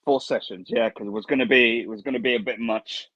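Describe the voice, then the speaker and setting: A man guesting on a livestream, bantering and teasing with quick jokes. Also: mid-range voice, fairly even intonation, dry recording, highs cut off. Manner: teasing, jokey. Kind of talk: casual banter.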